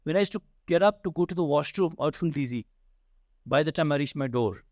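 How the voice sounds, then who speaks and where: Man telling stories, mid-high voice. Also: expressive, fast talker, a little mellow, no echo, clean studio sound. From Ladakh, India. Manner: storytelling with rhetorical questions, mixing in Hindi phrases. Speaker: Buddhist teacher giving a talk. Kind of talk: motivational talk with personal stories.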